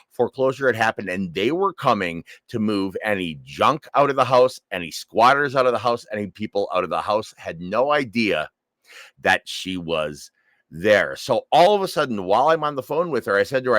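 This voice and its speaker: A man with a fairly low voice tells a personal story straight into his own camera, in the loose, conversational way of a credit coach giving advice. He circles back and repeats key phrases for emphasis. The sound is close and dry, with no room echo. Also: lively intonation, brisk, fairly bright tone. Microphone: self-filmed camera.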